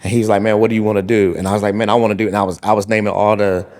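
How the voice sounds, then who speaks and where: Low-voiced man telling a long story. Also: little pitch movement, very fast, a little mellow. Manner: storytelling, many restarts and fillers. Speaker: podcast co-host. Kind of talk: casual chat.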